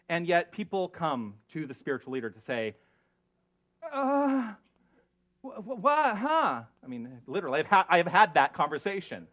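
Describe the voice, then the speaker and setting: A man preaching a sermon as spiritual leader, earnest and emotional, moving between hushed reflection and lively asides. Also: a little high. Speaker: pastor.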